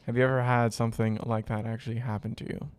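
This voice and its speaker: A man hosts a podcast interview in a loose, easygoing way, laughing easily and swearing casually. His voice sits at an ordinary pitch. The recording is dry and close. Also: little pitch movement, fast, darkish tone, clear, resonant tone, no room sound. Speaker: podcast host. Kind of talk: interviewing a guest.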